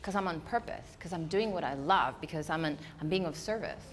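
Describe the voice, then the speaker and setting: A woman who is not a native English speaker, giving a lively storytelling motivational talk to a live audience. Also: low voice, fairly quick, a little hiss or hum. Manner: animated storytelling, acting out her own inner voice. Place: event hall before a live audience.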